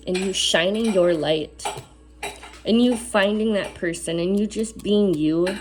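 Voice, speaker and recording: A woman's voice: fairly low pitch, darkish tone. A woman giving a spiritual oracle card reading to camera. She reads the card text aloud, then adds earnest, casual asides and repeats key phrases for emphasis.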